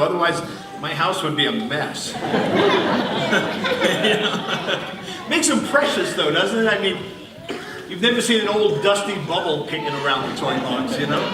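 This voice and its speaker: A man's voice: sits high, big pitch swings, a little slow, long pauses, heavy background noise. An older man performing a live stage show, chatting and joking with the audience and laughing often. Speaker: bubble performer. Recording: echoey hall from far off, crowd audible.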